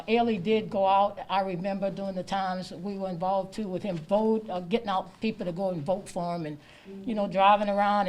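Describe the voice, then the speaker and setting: A woman with a mid-range voice speaks proudly at an outdoor ceremony, circling back to the same words of pride again and again. A faint outdoor hum sits beneath her. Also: mid-range voice. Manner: warm, proud, repetitive. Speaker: sister-in-law of the honoree. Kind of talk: emotional ceremony speech.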